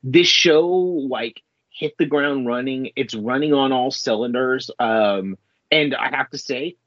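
A man co-hosting a podcast, chatting casually about a show in a rambling, profane, animated way. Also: mid-range voice, slow, no echo, muffled recording. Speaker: podcast co-host. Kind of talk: casual chat reviewing a show.

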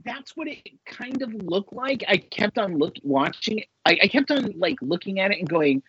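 Husky, higher-voiced podcast man. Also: moderate pace, dull audio. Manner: animated storytelling, laughs often. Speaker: podcast co-host. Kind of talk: casual pop culture chat.

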